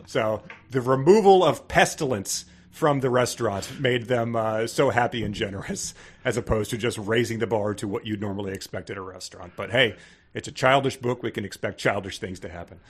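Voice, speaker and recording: A man's voice: fairly low pitch, a little fast, husky. A man co-hosting a podcast, recapping a children's book with a dry, sarcastic humor. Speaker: podcast co-host. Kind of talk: casual comedic book review.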